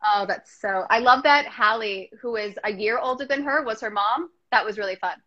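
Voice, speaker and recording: A woman's voice: fairly high pitch, moderate pace, bright, forceful tone. A woman hosting a podcast, chatting in a bubbly, gushing way and laughing often. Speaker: podcast host. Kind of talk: casual chat. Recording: dull, slightly muffled sound.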